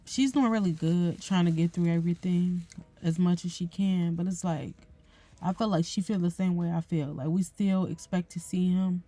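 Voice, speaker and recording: A young woman hosting a podcast, speaking tearfully and haltingly in an emotional personal reflection. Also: fairly low pitch, steady tone, no room sound. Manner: tearful, soft-spoken, halting with fillers. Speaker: podcast host.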